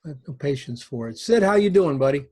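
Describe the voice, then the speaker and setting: A man's voice: fairly high pitch, animated, fast talker, mellow. A man hosting a casual chat over a video call, speaking hesitantly with many fillers. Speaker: host.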